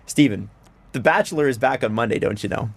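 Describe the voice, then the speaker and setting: A man's voice: mid-range voice, brisk, creaky, slightly rough. A young man hosting a podcast, rambling and laughing often as he chats. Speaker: podcast host. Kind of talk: casual chat.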